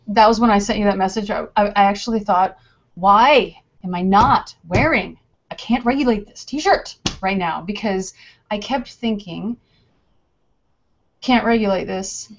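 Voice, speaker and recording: A woman guest in a casual conversation, telling her story in an animated way and acting out her own thoughts as she goes. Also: mid-range voice, normal speed. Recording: dull lo-fi recording.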